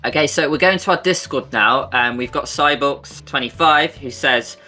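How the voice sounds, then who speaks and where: Bright, chatty podcast co-host man. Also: medium pitch, normal speed, soft background music. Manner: chatty and enthusiastic, casual swearing. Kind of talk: casual Q&A chat.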